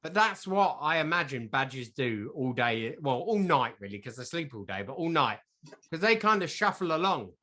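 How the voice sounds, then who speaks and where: A man's voice: a little high, big pitch swings, normal speed, bright, forceful tone. A man from southern England, co-hosting a casual comic chat, rambling playfully. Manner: rambling, playful, sings silly jingles. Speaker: podcast co-host.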